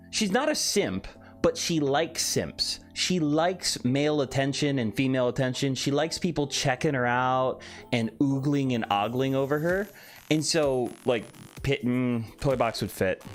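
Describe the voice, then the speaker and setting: A man streaming live, chatting casually and playfully while reading out and answering his chat. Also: medium pitch. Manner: animated, reads chat aloud and answers playfully. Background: faint background music.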